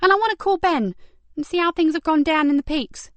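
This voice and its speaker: A woman reading an audiobook and voicing an earnest young female detective in a brisk, animated way. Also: sits high, no echo, voice pushed up, lightly acted.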